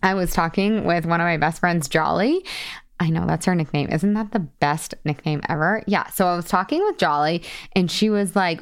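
A woman's voice: on the low side, moderate pace, creaky. A woman in her thirties hosting a solo podcast, talking as a weight-loss coach in a bubbly, chatty way. She laughs often and acts out the voices she quotes.

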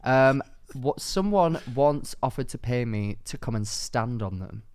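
Brief: male co-host, animated pitch, joking banter, dry close mic. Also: clean tone, no echo. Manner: joking, quick reactions, swears casually. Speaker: podcast co-host. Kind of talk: casual podcast chat.

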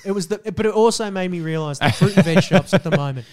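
A man telling a story on a casual podcast. He swears freely and is animated, with loud bursts when he quotes people. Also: high voice, fast. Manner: animated, profane, jumps into loud voices when quoting people. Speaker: podcast co-host.

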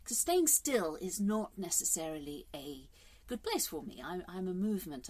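A woman's voice: lowish voice, big pitch swings, fairly quick. A woman, talking candidly and rambling a little in a casual vlog monologue, with the odd swear word for emphasis. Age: 50s. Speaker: vlogger.

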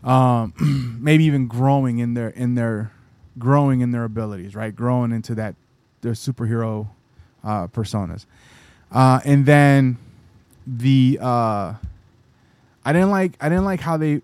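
A man's voice: mid-range voice, a little slow, darkish tone, dry recording. A man co-hosting a podcast in casual chat, easygoing and rambling, often restarting his sentences. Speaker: podcast co-host.

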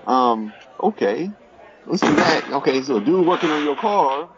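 A man's voice: on the high side, animated. A man co-hosting a casual podcast chat, chiming in and riffing on the topic. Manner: chimes in with quick agreement and riffs. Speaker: podcast co-host. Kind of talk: casual bar-table chat. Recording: dull lo-fi podcast audio.

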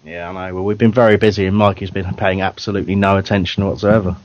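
A man's voice: low-pitched, steady tone, quick pace, a little mellow, no room sound. A man hosting a fan radio show in casual banter, chatty and self-deprecating, laughing often. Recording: dull, dry lo-fi recording.

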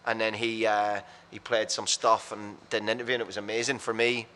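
A man with a bright, forward voice tumbles through blunt, self-mocking stories at high speed. He sits a touch low in pitch, chatting casually as a podcast guest. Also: level tone, brisk. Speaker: radio presenter and podcast guest. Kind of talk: casual storytelling chat.

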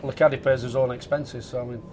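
A man telling caddie stories in a loose, chatty way. He slips into the voices of the people he quotes. A faint low hum sits under the recording. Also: fast. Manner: animated, acts out quoted dialogue. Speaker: former golf caddie. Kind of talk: casual anecdotal storytelling.

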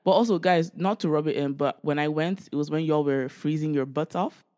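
Woman, 20s, from Canada, podcast co-host; a lively, profane storyteller who acts out her family. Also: deep voice, fairly quick. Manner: animated storytelling, swearing freely, acting out quoted family members. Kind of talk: casual chat.

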